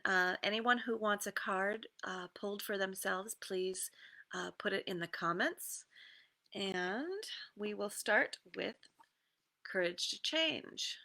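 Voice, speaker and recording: A woman coach giving a casual guided meditation talk, easygoing, with many pauses and fillers and some reading aloud. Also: lowish voice, creaky, sharp tone. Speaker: creative success coach.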